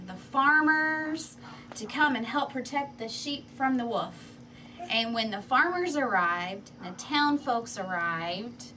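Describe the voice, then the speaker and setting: A woman telling a children's fable with props, in an expressive and animated way. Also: mid-range voice. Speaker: storyteller. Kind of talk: children's story read aloud with props. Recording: distant mic, faint background noise.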